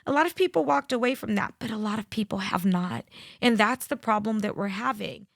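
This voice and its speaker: A woman's voice: mid-range voice, gravelly, dry recording, studio quality. A woman talking straight to viewers in a blunt, lecturing opinion commentary.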